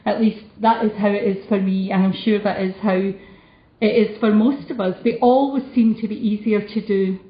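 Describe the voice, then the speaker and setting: A woman with a Glasgow Scottish accent, a religious sister giving a conference talk in a humorous, deliberate and emphatic way. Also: medium pitch, steady tone, reverberant, dull audio.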